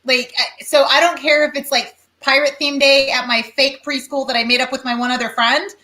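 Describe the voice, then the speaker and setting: A woman co-hosting a casual talk show, chatty and quick, full of "like", acting out her own thoughts as she tells a story. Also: sits high, steady tone, pushed and bright. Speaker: co-host.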